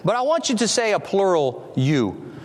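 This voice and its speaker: Animated preacher in a reverberant hall. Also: male voice, high-pitched, normal speed. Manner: animated, stretches key words, shifts into reading scripture. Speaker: pastor. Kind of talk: sermon.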